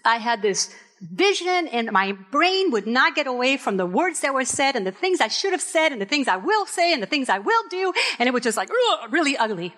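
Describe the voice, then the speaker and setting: Woman pastor, high voice, sermon in a big echoey hall, tells her own stories. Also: big pitch swings, a little fast, a bit bright. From Puerto Rico. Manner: candid, personal storytelling with emphatic stretches. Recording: reverberant hall.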